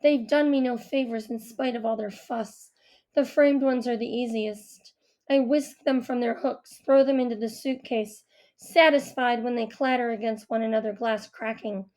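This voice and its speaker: A woman narrating a first-person audiobook in a quiet, reflective way. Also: a little high, steady tone, moderate pace. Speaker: audiobook reader.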